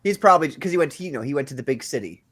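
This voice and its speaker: Lively animated man chatting. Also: fairly high pitch, very fast. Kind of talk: casual chat.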